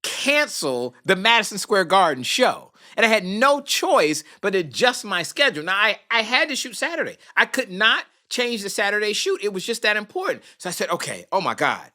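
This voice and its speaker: A film producer appearing as a podcast guest tells a dramatic, animated story, lively throughout and acting out its characters. His voice is high, at a moderate pace with few pauses.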